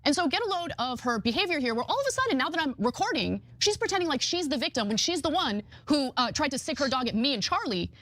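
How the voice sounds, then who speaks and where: A woman's voice: sits high, sing-song, fast talker, few pauses, a bit bright, no room sound. A woman in a recorded video, telling her story in an emphatic, aggrieved way.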